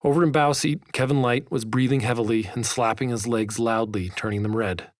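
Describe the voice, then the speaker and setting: A man narrating his own memoir audiobook in a measured, vivid storytelling manner. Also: mid-range voice, fairly even intonation, no room sound, clean studio sound.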